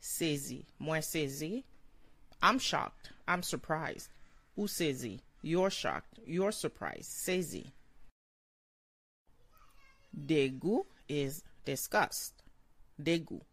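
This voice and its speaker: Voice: medium pitch, big pitch swings, very slow, long pauses, a bit bright, no echo. A language teacher giving a short vocabulary lesson, saying each word several times and then translating it.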